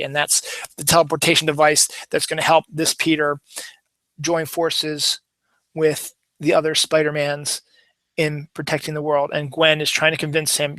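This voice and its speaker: A man's voice: a little high, completely flat delivery, normal speed, bright, forceful tone, no echo. A man casually recapping a comic book issue for his channel, rambling and correcting himself as he goes. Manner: rambling, chatty, self-correcting.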